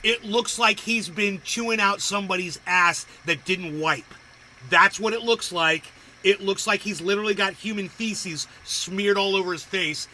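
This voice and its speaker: A man's voice: high voice, normal speed, bright, forceful tone, a little hiss or hum, low-quality recording. A man hosting a livestream, reacting to videos with profane, crude ranting and insults. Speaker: livestream host.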